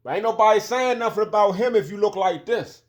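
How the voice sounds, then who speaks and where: A man's voice: sits high, brisk. A man giving a heated, profane opinion rant as a commentary host.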